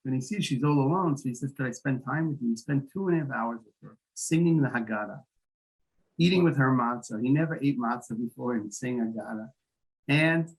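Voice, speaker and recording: Gravelly male interview guest; halting storyteller who restarts often, mid-range pitch. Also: poor audio. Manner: halting, with many restarts and repeated words. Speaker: guest, founder of an emergency medical volunteer group.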